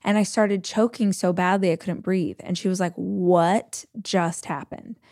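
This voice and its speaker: A woman hosting an advice show talks in a loose, chatty way, with plenty of "like" and little acted-out quotes of other people's voices. Her pitch sits in a middle range for a woman. The sound is dry and close, with no room echo. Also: steady tone, a little fast, a little mellow. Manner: chatty storytelling, acting out quoted voices, frequent "like". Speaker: podcast host giving advice. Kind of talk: casual advice chat.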